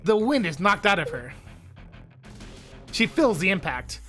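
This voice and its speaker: Streamer lady narrating a visual novel, super lively pitch, bright voice, jokey asides. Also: unhurried, soft background music. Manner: animated, breaks off with laughs and asides.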